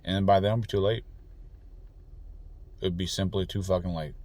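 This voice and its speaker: A man's voice: sits low, fairly even intonation, moderate pace, a little mellow. A man delivering an angry, profane, rambling political rant full of restarts. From United States. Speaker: political commentator. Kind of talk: ranting monologue.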